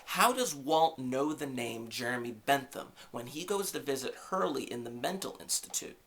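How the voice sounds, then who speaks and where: Bright-voiced man chatting through a TV recap. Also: mid-range voice, moderate pace. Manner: lively, jokey asides and rhetorical questions. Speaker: podcast host. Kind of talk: casual TV episode recap commentary.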